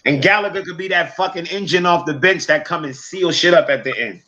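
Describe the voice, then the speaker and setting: A man's voice: fairly high pitch, fairly quick, lo-fi sound, crowd noise. An American man from the northern US, talking football on a casual panel in a blunt, profane, repetitive way. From northern United States. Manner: blunt and profane, repeats himself.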